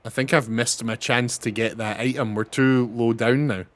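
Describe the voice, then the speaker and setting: A man's voice: mid-range voice, fairly even intonation, moderate pace, a bit bright. A young man giving casual, chatty commentary on a game he is playing, swearing and laughing often. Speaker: streamer.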